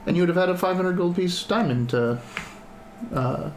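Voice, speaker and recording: A man's voice: high voice, moderate pace, roomy sound, a little hiss or hum. A man running a tabletop game as dungeon master, who laughs easily and rambles with fillers. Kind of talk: casual tabletop game narration.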